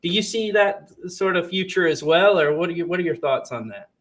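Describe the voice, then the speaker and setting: A man's voice: high voice, animated, brisk, fairly bright tone. A man hosting a casual conversation, often hesitating and restarting his sentences with fillers.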